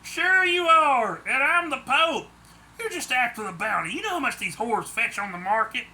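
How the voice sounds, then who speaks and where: A man's voice: high-pitched, very animated, quick pace, sharp tone, voice pushed up, exaggerated voice. A man voicing a mocking male poacher who kidnaps people. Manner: mocking, scornful.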